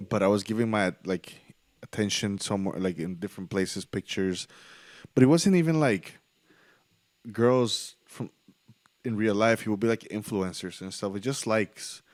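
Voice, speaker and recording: A man's voice: fairly low pitch, no echo. A man hosting a podcast in casual chat, talking bluntly and swearing freely. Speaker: podcast host.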